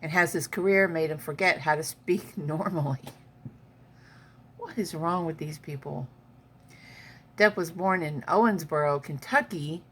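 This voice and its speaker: A woman's voice: low-pitched, a little slow, pauses often, fairly bright tone, a little hiss or hum. A woman vlogging from home in a chatty way, reading an article aloud and adding her own comments. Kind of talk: casual chat.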